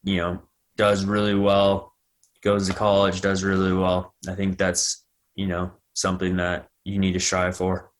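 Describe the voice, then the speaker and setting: A man's voice: sits low, monotone, a little slow. An American man in his thirties, a guest athlete giving thoughtful answers in a casual podcast interview. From United States.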